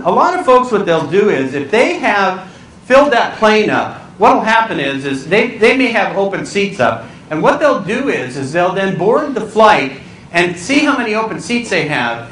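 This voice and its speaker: Male comic keynote speaker, high lively voice, story-driven stand-up, recorded from afar in an echoey hall with room noise. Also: far from the mic. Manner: animated, acts out voices, squeals and cries out for comic effect. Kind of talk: stand-up storytelling to a live audience. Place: large hall with a live audience.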